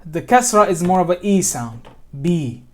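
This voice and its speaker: This American tajweed tutor speaks at medium pitch with big pitch swings during a one-on-one lesson. Patient throughout, he slowly models Arabic sounds, checks in with a frequent "okay?", and fixes himself partway through sentences.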